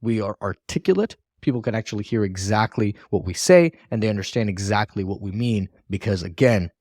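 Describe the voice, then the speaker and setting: A man's voice: on the low side, brisk, darkish tone, no echo, studio quality. A man teaching a recorded sales training lesson in a coaching tone, often checking in with "all right" and "right?".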